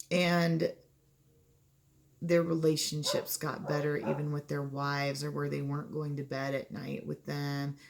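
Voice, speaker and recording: Woman hypnotist, low gravelly voice, chatty advice talk that slips into quick quoted client dialogue. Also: a little hiss or hum.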